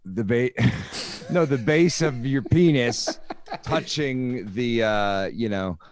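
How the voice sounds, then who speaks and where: A man co-hosting a podcast, chiming in with wry, deadpan asides. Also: medium pitch, slow. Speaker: podcast co-host. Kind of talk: casual podcast banter.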